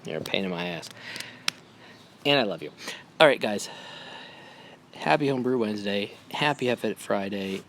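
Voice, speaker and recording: Rambling, tipsy homebrewing dad. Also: male voice, fairly low pitch, expressive, moderate pace, long pauses, fairly bright tone, slight background noise. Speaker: homebrewing vlogger. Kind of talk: casual rambling chat.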